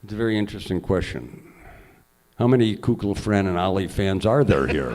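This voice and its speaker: Low-voiced older man spinning salty anecdotes. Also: fairly quick. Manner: lively raconteur, salty language. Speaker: honored guest, journalist. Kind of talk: live anecdotal storytelling on stage. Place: event hall before an audience.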